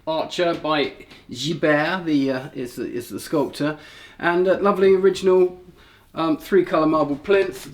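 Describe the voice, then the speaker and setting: A man's voice: high-pitched, a little hiss or hum. Chatty man in an echoey room. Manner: chatty, jokey and enthusiastic. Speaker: auction house presenter. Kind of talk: casual sale preview walkthrough. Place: auction sale room. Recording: echoey room, mic at a distance.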